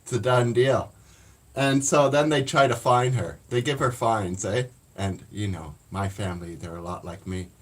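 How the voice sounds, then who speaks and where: A man's voice: fairly low pitch, moderate pace. A man who hosts a livestream, chatting casually in a blunt, profane, rambling way. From Canada. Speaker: livestream host.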